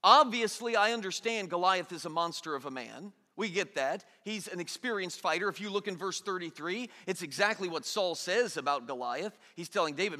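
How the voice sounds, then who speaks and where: A man preaching a sermon in an animated way, acting out the people in the story in everyday voices. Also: sits high, fairly quick, few pauses. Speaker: pastor. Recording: long hall reverb.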